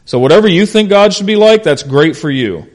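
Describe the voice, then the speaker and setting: A man, a pastor, preaching a conversational expository sermon that swings between loud emphasis and quiet asides. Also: high-pitched, animated, fairly quick. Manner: conversational, unscripted, frequent "uh" and "you know".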